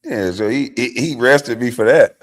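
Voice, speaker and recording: A middle-aged man hosting a livestream, telling stories in a casual, profane, animated way, dropping from low mutters to loud outbursts. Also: moderate pace. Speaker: livestream host.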